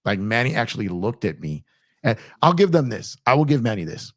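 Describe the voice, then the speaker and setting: A man's voice: medium pitch, big pitch swings, fairly quick, no echo, studio quality. A man hosting a casual post-game chat, rambling and laughing, his voice worn and strained from screaming. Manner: rambling, laughs often, many restarts. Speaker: YouTube channel host.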